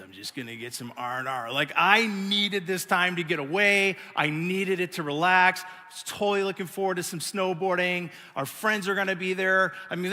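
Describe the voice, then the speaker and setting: Bright, high-voiced pastor in a reverberant hall. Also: male voice. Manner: animated storytelling, acting out his own pouting. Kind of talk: sermon.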